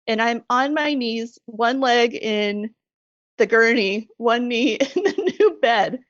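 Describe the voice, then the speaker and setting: A middle-aged woman telling her story as a podcast guest, animated and laughing often. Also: on the high side, slow pace, dry recording, highs cut off. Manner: animated retelling, laughs often, acts out quoted voices. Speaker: guest, bereaved mother. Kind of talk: conversational storytelling.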